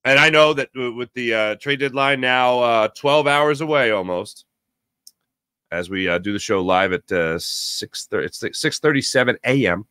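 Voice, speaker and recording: Bright-voiced opinionated sports talk host. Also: male voice, mid-range voice, moderate pace, clear, resonant tone, no echo, studio quality. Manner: opinionated, rambling, animated bursts of excitement. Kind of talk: solo sports radio monologue.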